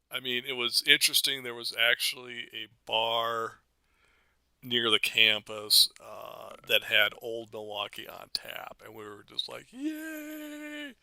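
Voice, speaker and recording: A man's voice: medium pitch, gravelly, bright, forceful tone, smooth, dry recording. A middle-aged American man and father, chatting casually on a podcast and rambling through stories with frequent laughs. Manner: rambling, storytelling, laughs often. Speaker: co-host, father.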